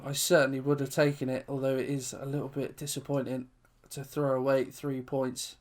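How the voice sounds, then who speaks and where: A man's voice: medium pitch, completely flat delivery, fairly quick, hardly any pauses. A young man commentating his own football video game match as a channel host, then recapping the standings and signing off while out of breath.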